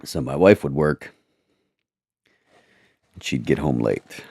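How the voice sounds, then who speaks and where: Very deep gravelly man, halting testimony. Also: animated, darkish tone, dry recording, studio quality. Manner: halting and repetitive, earnest. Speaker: personal testimony vlogger. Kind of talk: personal testimony storytelling.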